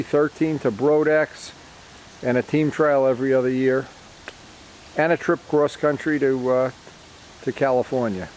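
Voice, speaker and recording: A man's voice: medium pitch, a little mellow, slight background noise. A man vlogging in a casual, rambling way, sentimental and often trailing off mid-sentence. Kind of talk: casual reminiscing to camera.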